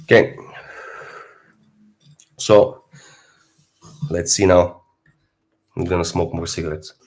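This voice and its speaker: A young Bulgarian man, a fitness streamer, chats casually on a live stream in a Bulgarian accent. He swings from low mutters to loud outbursts, speaking slowly with fairly even intonation.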